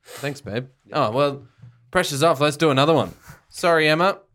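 A man's voice: a little high, animated, moderate pace, noisy background. A man co-hosting a comedy podcast, chatting casually, laughing often and hesitating between words. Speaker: podcast co-host.

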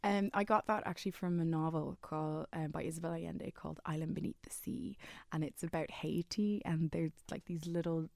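A young woman talks in a fairly low voice, chatty and quick to giggle, with plenty of trailing fillers. She sounds close and dry, with no room around her. She is a singer and actor chatting as an interview guest. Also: steady tone, creaky, darkish tone, dry recording. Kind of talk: casual radio interview chat.

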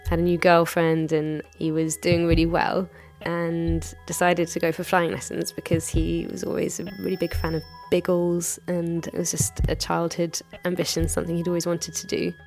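Low-voiced woman telling a story. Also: completely flat delivery, moderate pace, hardly any pauses, a little mellow, faint music behind. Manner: candid, chatty retelling with frequent hedges. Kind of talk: personal anecdote.

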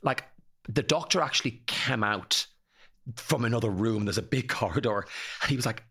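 A man's voice: medium pitch, normal speed, pushed and bright, husky. An Irish man in his forties, a guest telling personal stories openly and emotionally in an interview. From Ireland. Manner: open, tumbling storytelling.

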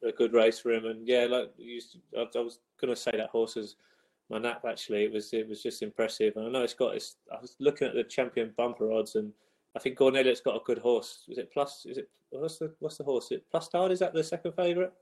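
A man's voice: medium pitch, steady tone, quick pace, darkish tone, rough recording. A young man who plays football, talking on a podcast, hesitant with many restarts. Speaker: footballer guest. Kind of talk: casual sports chat.

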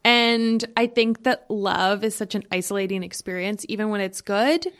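A woman's voice: medium pitch, moderate pace. A woman guest on a podcast, explaining her ideas in an earnest, emphatic way. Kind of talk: casual chat.

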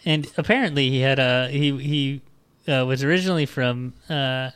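A man's voice: mid-range voice, moderate pace, fairly bright tone, clean tone, dry recording. A man in his thirties hosting a podcast, ranting and cursing casually while reading passages from a book aloud. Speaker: podcast host. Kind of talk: casual comedic book discussion.

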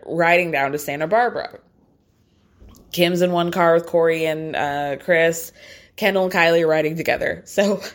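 A woman casually recapping a reality show episode, chatty and full of fillers, laughing often as she tells it. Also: on the low side.

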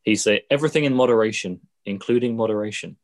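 A man in casual podcast chat, agreeable and quick, restarting sentences with "yeah". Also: fairly low pitch, poor audio. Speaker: podcast co-host.

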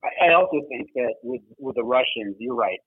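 Brisk, expressive and husky, a mid-range male voice belongs to a guest who was once a double agent, spinning a lively, casual tale peppered with swearing and fillers. The audio comes through a tinny, phone-like line with no room sound.

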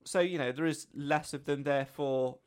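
A man's voice: fairly high pitch, fairly even intonation, normal speed, smooth. A man co-hosting a podcast in casual chat, jokey and rambling as he thinks aloud. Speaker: podcast co-host.

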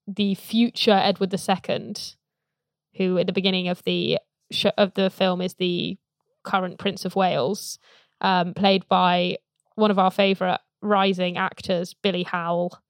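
A woman's voice: mid-range voice, flat delivery, a little slow, clear, resonant tone, no room sound. Chatty woman reviewing films, dry mic. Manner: chatty, laughing, mocking quotes. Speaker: podcast co-host. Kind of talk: casual film review chat.

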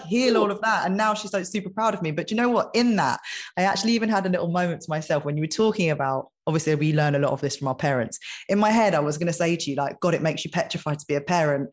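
A woman's voice: lowish voice, fast. A woman hosting a podcast conversation, speaking openly and personally. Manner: open, personal, agreeing.

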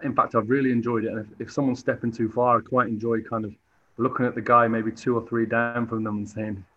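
A man from England talks as a goalkeeper guest in a relaxed interview, stumbling through fillers and repeated starts. His voice is mid-pitched and plain. The recording sounds dull and lo-fi. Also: quick pace. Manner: hesitant, lots of fillers and restarts. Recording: dull lo-fi audio.

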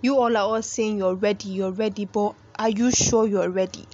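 A woman's voice: mid-range voice, steady tone, moderate pace, darkish tone, dull audio. A young woman hosting a faith podcast, speaking earnestly and pleading with listeners like a preacher. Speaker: podcast host.

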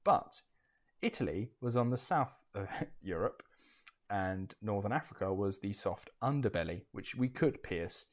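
A man's voice: fairly low pitch, expressive, unhurried. A man hosting a casual history podcast, blunt and sweary, stumbling over restarts as he talks. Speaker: podcast host.

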